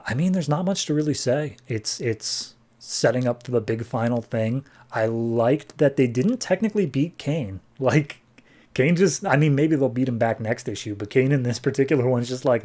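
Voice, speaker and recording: A man's voice: medium pitch, a little mellow. A man on a podcast, casually recapping a comic book and acting out the characters' lines. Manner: laid-back, chatty. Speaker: podcast co-host.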